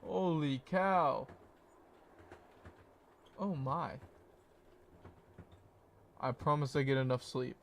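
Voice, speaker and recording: A man's voice: medium pitch, fairly even intonation, slow, pauses often, fairly bright tone, a little hiss or hum. Laid-back young man streamer. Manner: rambling and laid-back, many fillers and self-corrections. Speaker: game streamer. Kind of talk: casual stream chat.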